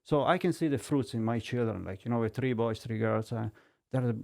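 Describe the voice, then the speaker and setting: A middle-aged man from Italy speaking English with an Italian accent, telling his life story as a podcast guest in broken, animated English. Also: mid-range voice, a little fast, vocal fry. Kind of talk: personal testimony in conversation.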